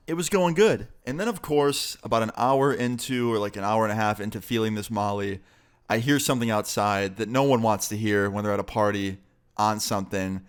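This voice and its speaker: A young man in a storytime vlog, talking casually and swearing freely as he tells the story. His voice sits at an average pitch for a man. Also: clear, resonant tone. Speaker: YouTuber.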